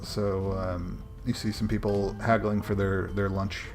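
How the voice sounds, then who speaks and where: Game master, male, lowish voice, halting narration with lots of fillers. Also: level tone, a little mellow, faint music behind. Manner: hesitant, many ums.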